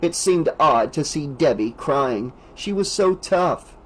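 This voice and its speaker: A man narrating a horror audiobook in a steady, dramatic reading style. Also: a little high, slow, poor audio. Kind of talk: scripted narration.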